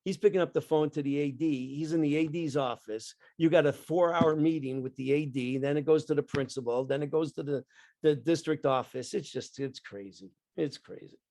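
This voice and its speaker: A man's voice: a little high, normal speed, a little mellow, no echo. An older man, a retired coach, telling stories in a rambling casual chat, often repeating words. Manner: rambling, repeats words, acts out his dad in the story. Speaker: guest, retired basketball coach.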